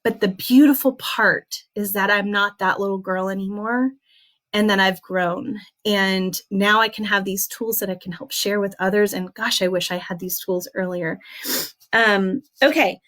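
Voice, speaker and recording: Earnest young woman leading a gentle class. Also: mid-range voice. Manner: earnest, gentle, many soft fillers. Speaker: essential oils class leader. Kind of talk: heartfelt motivational class talk.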